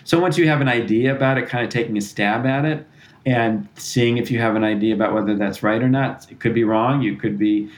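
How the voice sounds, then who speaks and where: A man's voice: medium pitch, brisk, low-quality recording. A man answering interview questions as a parenting author, earnest and explanatory, often restarting his sentences. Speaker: author and parenting expert guest.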